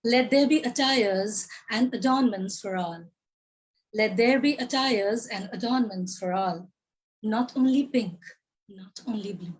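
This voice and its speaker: Over a video call, a woman poet recites one of her own poems in an unhurried, mid-range voice, repeating lines for emphasis. Her voice is tiring as she goes, and she coughs.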